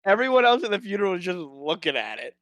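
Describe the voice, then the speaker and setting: A podcast co-host in casual chat, teasing in a deadpan way. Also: mid-range voice, quick pace, no echo.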